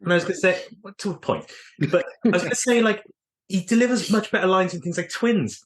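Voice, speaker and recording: A man's voice: sits high, fast. A man who is a guest on a film podcast, thinking aloud hesitantly and stammering as he starts his sentences. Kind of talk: casual film chat.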